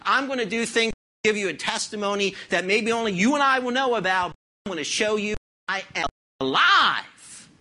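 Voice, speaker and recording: A preacher acting out God as a confident male deity who speaks in bold promises. The voice is bright and ringing, and it rises to a strong, declaring tone in the middle of a sermon. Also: mid-range voice, expressive, moderate pace. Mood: promising.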